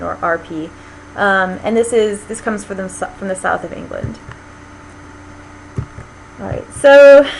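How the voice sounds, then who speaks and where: A woman's voice: medium pitch, a little hiss or hum, poor audio. An American woman giving a lecture, explaining things step by step with frequent ums and small restarts. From United States. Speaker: linguistics lecturer.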